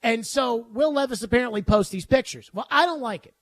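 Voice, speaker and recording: A man's voice: very high voice, a little fast, dry recording. Male sports talk host, jokey rant, dry close studio sound. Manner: emphatic, ranting, jokey.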